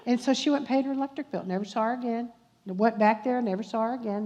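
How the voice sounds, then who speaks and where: A woman's voice: mid-range voice, fairly quick, mellow. An older woman tells a personal faith story at a church luncheon, acting out the dialogue with asides to the audience. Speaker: guest speaker at a church luncheon. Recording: muffled recording in a reverberant church hall.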